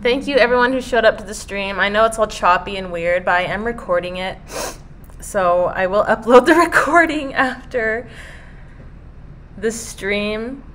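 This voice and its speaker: A woman's voice: mid-range voice, measured pace, fairly bright tone. A young woman live-streaming her reaction while reading aloud, emotional and given to swearing and exclaiming.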